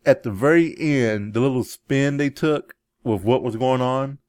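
A man co-hosting a casual podcast chat about movies, animated and chuckling often. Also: a little slow, clean tone, no room sound, studio quality. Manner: animated, chuckling, jumps into high mimicking yells. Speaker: podcast co-host.

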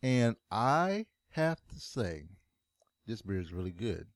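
A man's voice: on the low side, very animated, slow pace, no echo, clean studio sound. A man co-hosting a live-streamed show, chatting casually and rambling with plenty of fillers and restarts. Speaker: show co-host.

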